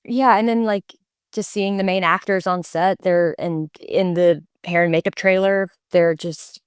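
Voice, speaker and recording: A woman in her twenties, an actor guest on an interview podcast, telling her story in a chatty, animated way with lots of fillers and restarts. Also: on the low side, measured pace, smooth, no room sound, studio quality. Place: podcast studio.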